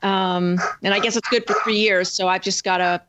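A woman's voice: medium pitch, fairly even intonation, normal speed, heavy background noise. A woman guest, a children's book author, chatting in an upbeat, rambling way in an interview. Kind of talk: casual interview chat. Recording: dull lo-fi remote line.

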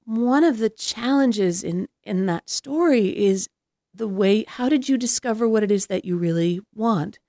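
A woman's voice: mid-range voice, darkish tone, no echo, studio quality. A woman interviewer asking thoughtful questions and musing on spiritual ideas.

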